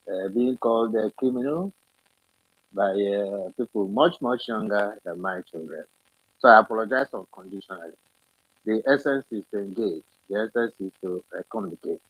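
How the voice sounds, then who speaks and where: Older man, husky and low. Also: no echo, low-quality recording. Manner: measured, apologetic, slow and deliberate. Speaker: guest politician. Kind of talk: live audio chat room.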